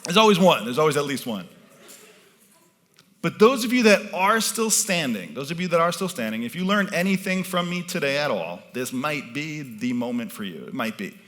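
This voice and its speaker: A man's voice: on the high side, expressive, normal speed, a bit bright. A man performing as a mentalist, leading a live audience through a participation game from an event stage with commanding, playful patter.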